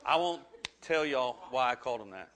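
A man's voice: medium pitch, lively intonation, moderate pace, fairly bright tone. A man, preaching a sermon and telling a funny personal story with self-deprecating humor. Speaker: pastor.

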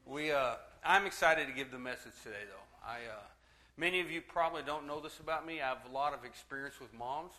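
Bright-voiced joking pastor. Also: male voice, mid-range voice, normal speed, long pauses, slight background noise. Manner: chatty and joking with the congregation, laughing easily. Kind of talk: sermon with humor. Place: church.

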